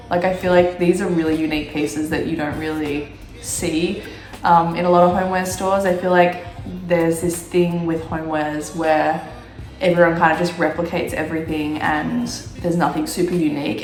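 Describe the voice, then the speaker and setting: A woman from Australia vlogging in a relaxed, chatty way, with plenty of fillers. Her voice is croaky from a cold and sits fairly low. The room around her echoes, and soft music plays underneath. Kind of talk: casual chat.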